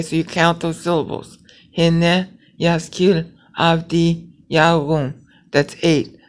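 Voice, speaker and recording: A woman teaching a Bible lesson from a hospital bed while ill. She explains patiently, checks in often with "okay?", and slows right down to sound out Hebrew clauses syllable by syllable. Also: deep voice. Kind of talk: recorded teaching. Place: hospital room.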